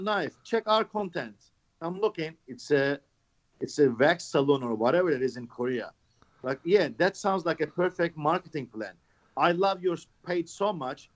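Male podcast guest, fairly high voice, lively anecdotes with cursing, slightly muffled lo-fi sound. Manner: animated storytelling, swears, mimics messages. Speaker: podcast guest, knife maker. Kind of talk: casual chat.

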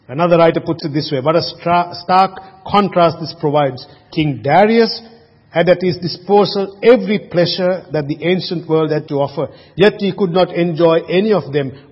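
A man preaching a sermon in an earnest way, full of rhetorical questions and restarts. His voice sits a little high and sounds husky. It rings out with a long reverb, on a muffled recording.

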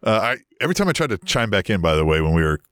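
Low-voiced guy rambling thru podcast stories, dry close sound, gets loud doing other people's lines. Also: very fast, dry recording. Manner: rambling, animated when quoting others. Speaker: podcast co-host. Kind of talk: casual storytelling chat. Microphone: video call.

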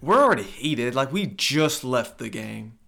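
A man's voice: medium pitch, sing-song, unhurried, gravelly, pushed and bright. Young man chiming in with asides. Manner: chimes in with short asides and jokes. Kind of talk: casual chat.

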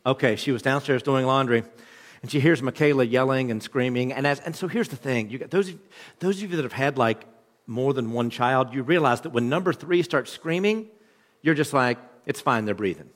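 A man's voice: medium pitch, fairly quick, big-room sound. A man in his thirties preaching a sermon, a pastor with a conversational, joking storytelling manner. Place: church hall.

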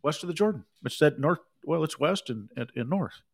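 A middle-aged man preaching a sermon, reading scripture and breaking off into conversational asides and quick acted quotes. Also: on the high side, lively intonation, gravelly. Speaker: pastor.

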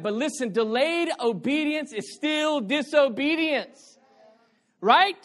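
A male pastor preaching a sermon, playful and animated, dropping to quiet asides and then shouting his points while bantering with the congregation. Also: very high-pitched, slow.

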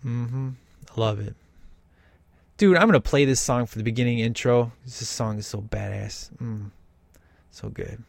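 A man's voice: mid-range voice, expressive, moderate pace, creaky, a bit bright, dry recording. A man talking through a film in casual commentary, enthusiastic and emphatic with lots of slang.

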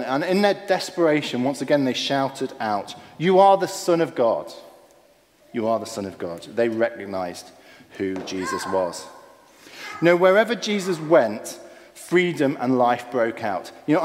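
A man preaching a sermon, earnest and emphatic, dropping low and soft on key phrases. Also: long reverb tail.

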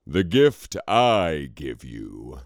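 A hulking warlord rumbles his promises in a deep, slow voice, as a man acts him out. The sound is dry and close. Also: big pitch swings, no echo, exaggerated voice. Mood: menacing. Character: hulking brutish male warlord of the north.

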